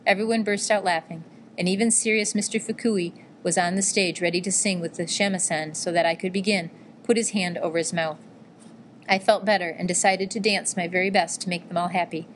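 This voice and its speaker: Low-voiced woman reading a story gently. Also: steady tone, brisk, a little hiss or hum. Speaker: audiobook narrator. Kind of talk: scripted narration of a memoir-style novel.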